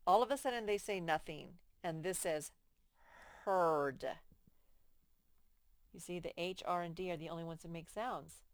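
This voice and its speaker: A woman teaching young children to read, slowly stretching out each word with patient, clear explanations. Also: fairly low pitch, no room sound. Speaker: first-grade teacher. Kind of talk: slow, patient phonics lesson to young children.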